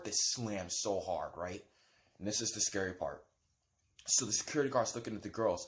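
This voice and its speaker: A man casually retelling a dream in a rambling, animated way, with lots of "like" and "right?". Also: lowish voice. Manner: animated storytelling. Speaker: vlogger.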